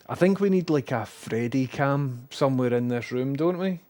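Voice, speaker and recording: A Scottish man streaming from his room at home, chatting casually and talking to his dogs. He switches between a high sing-song voice for the dogs and low muttered asides. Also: lively intonation, normal speed, few pauses, a little mellow, no room sound.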